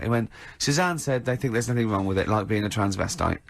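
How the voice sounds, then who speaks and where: A man's voice: fairly low pitch, expressive, quick pace, gravelly, a bit bright, slight background noise. A man hosting a radio show, telling stories and laughing a lot in casual banter from a studio. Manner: storytelling, retelling quotes, laughing often. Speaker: radio host. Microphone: studio mic.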